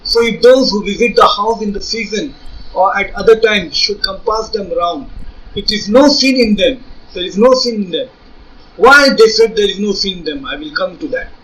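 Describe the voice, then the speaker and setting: A man's voice: high-pitched, normal speed, a bit bright, recorded from a distance, rough recording. A man with an Indian English accent giving an argumentative religious rebuttal lecture, reading scripture aloud and pressing rhetorical questions. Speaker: religious debater.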